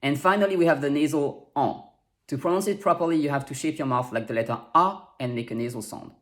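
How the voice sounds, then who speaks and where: A man who teaches French pronunciation, speaking English in a clear, deliberate scripted lesson and slowing down to spell out sounds. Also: a little high.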